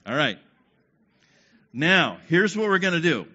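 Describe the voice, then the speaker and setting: This pastor's voice sits on the high side, pushed and bright, with big swings in pitch and an unhurried pace. Mid-sermon, he walks his congregation through a group exercise and keeps asking "okay?" to check on them. Audio is dull, lo-fi quality.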